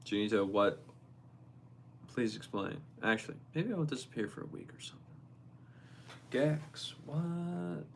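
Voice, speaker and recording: Gravelly young man chatting on stream. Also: on the low side, lively intonation, fairly bright tone, a little hiss or hum. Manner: reads viewer messages aloud and reacts, quick and playful. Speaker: livestream host. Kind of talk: casual live-stream chat.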